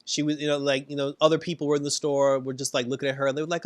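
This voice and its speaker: Man, animated episode recap, slightly high voice, dry close sound, laughs a lot. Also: very fast, hardly any pauses, no room sound. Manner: animated, laughs often, voices characters in quotes. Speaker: TV episode reviewer. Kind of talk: casual recap and review.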